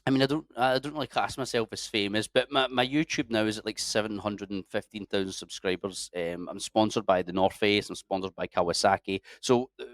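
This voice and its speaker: A man's voice: on the low side, a little fast, hardly any pauses, no room sound, studio quality. Sweary Scottish man telling stories. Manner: sweary, animated storyteller, puts on voices for locals. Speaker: guest. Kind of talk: casual interview chat.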